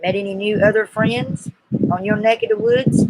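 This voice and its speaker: A woman's voice: mid-range voice, flat delivery, normal speed, noisy background. Chatty Southern woman hosting a live stream. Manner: chatty, teasing and coaxing, folksy. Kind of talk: casual live-stream Q&A chat.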